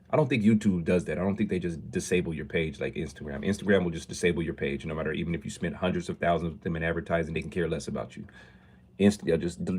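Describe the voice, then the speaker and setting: This jeweler's voice sits low, with a darkish, husky tone, as he chats casually on a phone stream from his shop. He's cheerful and chatty, often greeting the people watching.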